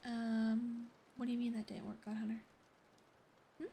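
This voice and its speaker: A young woman whispering softly on an ASMR livestream, chatting and giggling with viewers as she thanks them and tells a story. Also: on the high side, level tone, normal speed, a little hiss or hum. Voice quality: soft whispery voice. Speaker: streamer. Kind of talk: whispered ASMR stream chat.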